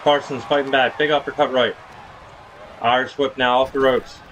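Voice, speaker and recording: A man's voice: mid-range voice, level tone, normal speed, fairly bright tone, muffled recording, slight background noise. A man streaming a wrestling video game, calling the action play-by-play with casual slang. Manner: casual, hypes viewers with slang.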